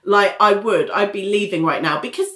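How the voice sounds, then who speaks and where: A woman's voice: medium pitch, normal speed, a bit bright, reverberant. A woman co-hosting a casual recap chat, swearing freely and acting out quotes with animation. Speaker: podcast co-host.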